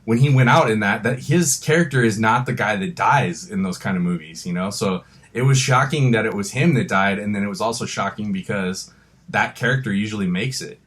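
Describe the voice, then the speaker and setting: A man co-hosting a podcast in casual chat, with profane, excitable banter. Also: fairly low pitch, a little fast. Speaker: podcast co-host.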